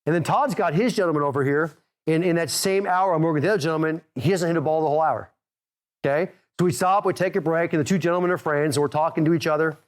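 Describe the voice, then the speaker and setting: A middle-aged man coaching golfers in an energetic, direct way. He talks quickly, pushes his listeners, and checks in with "okay?" again and again. His voice sits high for a man. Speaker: golf instructor and podcast host.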